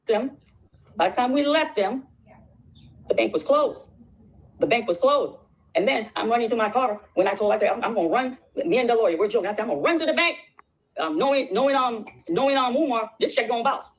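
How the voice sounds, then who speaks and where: Woman rattling off her story real fast, gets excited, keeps repeating lines. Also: on the high side, breathy edge, poor audio. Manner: rapid and excitable, repeats herself. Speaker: guest recounting a legal settlement. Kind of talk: casual storytelling on a stream.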